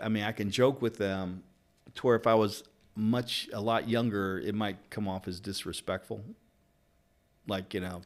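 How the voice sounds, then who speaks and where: Low-voiced Kentucky man telling stories. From Louisville, Kentucky. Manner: rambling storyteller, animated retelling of anecdotes. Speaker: barber and interviewer. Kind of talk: casual chat.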